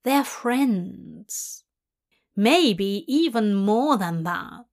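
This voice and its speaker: A woman reading a story aloud in calm, measured narration. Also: fairly high pitch. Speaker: fanfic reader.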